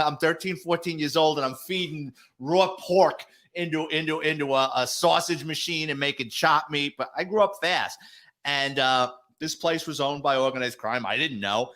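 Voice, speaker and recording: Profane New York storyteller, higher voice. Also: male voice, fairly bright tone. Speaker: retired detective guest. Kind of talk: storytelling interview.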